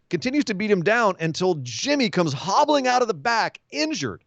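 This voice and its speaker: A man hosting a wrestling podcast, giving an animated, casual recap and acting out quotes as he tells it. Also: high-pitched, moderate pace, dry recording.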